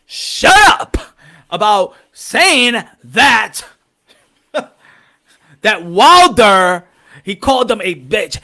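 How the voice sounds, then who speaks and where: A man on a boxing talk show rants heatedly, swearing and repeating himself for emphasis. His voice sits high and comes through bright and cutting. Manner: heated, profane, animated ranting with repeated phrases. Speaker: boxing commentator.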